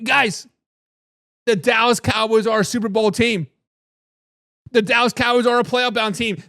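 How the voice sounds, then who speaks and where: A man with a strikingly high, bright voice hosts a fan sports show, pumped up and riffing on his team. He calls out repeated catchphrases and fires back at viewer comments, a beer in hand, all captured with a close, dry sound. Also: dry recording. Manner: hype, repeats catchphrases, says "baby"; reads and answers viewer comments. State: drinking beer. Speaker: sports talk host. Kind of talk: hyped live sports talk.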